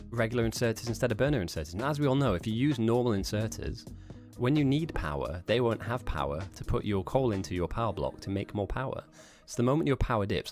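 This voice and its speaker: A man with a lowish voice calls a live game stream in a chatty, rambling way. He jokes at his own expense and drifts into asides to his chat. Soft music plays faintly underneath. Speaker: tournament commentator and streamer. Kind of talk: live esports commentary.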